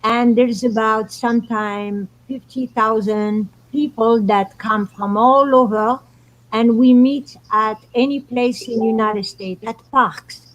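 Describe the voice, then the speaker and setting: A woman's voice: fairly high pitch, steady tone, takes it slowly, poor audio. A woman guest on a talk show, telling spiritual stories in an earnest, meandering way. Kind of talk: casual storytelling chat.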